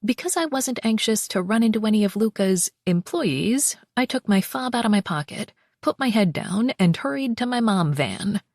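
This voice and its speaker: A woman narrating a first-person romance audiobook in an expressive, wry way on a close mic. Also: medium pitch, moderate pace, hardly any pauses, no echo.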